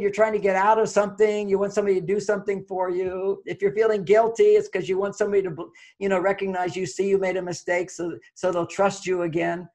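High-voiced man giving relationship advice. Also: a little mellow. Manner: earnest, explanatory, repeats key phrases. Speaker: relationship therapist and author.

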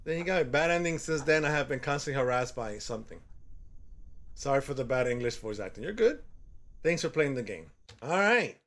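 A man giving horror game commentary as a channel host, excitable and quick to yell when startled. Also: medium pitch.

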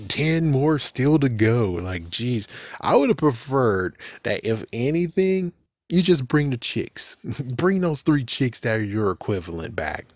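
Guy rambling thru a book review, slangy, laughs a lot, dry close sound, mid pitch. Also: very animated, measured pace, no echo. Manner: rambling, slangy, laughs often, exaggerated asides.

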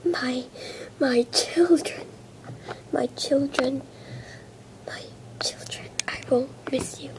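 A woman voicing a dying mother fox in a whispered role-play, faint and breathy. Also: high-pitched, slow pace, long pauses. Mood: fading.

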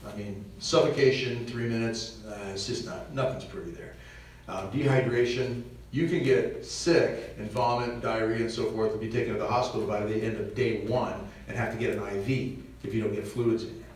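A man giving a lively parish mission talk on preparedness, joking and acting out little scenes for the audience. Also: lowish voice, moderate pace. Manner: animated, jokey, acts out little scenes. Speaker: visiting speaker on preparedness. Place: church hall. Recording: echoey church, recorded from far off.

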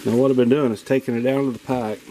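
A man talks his viewers through frying up a batch in a home kitchen, folksy and full of enthusiasm. His voice sits at an ordinary middle pitch. A faint sizzle of frying food runs under his words. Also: fairly even intonation, quick pace, dark tone, a little hiss or hum, rough recording. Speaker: outdoor cooking channel host. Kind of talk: casual cooking vlog.

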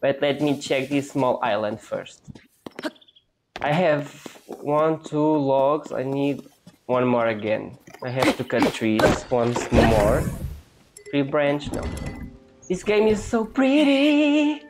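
A woman's voice: a bass voice, slow, a little mellow, soft background music. A young woman chatting casually as she plays a video game, thinking aloud in a playful way. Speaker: gaming channel host. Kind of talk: casual gameplay commentary.

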